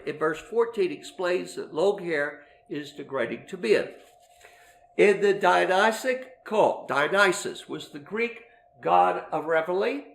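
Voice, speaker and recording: A middle-aged man teaching a Bible lesson, explaining slowly with many fillers and restarts. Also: high voice, echoey room.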